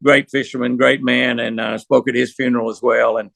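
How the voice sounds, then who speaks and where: A man's voice: medium pitch, little pitch movement, brisk, vocal fry, a bit bright, dry recording. An older man, a professional angler, telling rambling, folksy anecdotes in an interview. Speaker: pro angler guest. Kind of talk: storytelling interview.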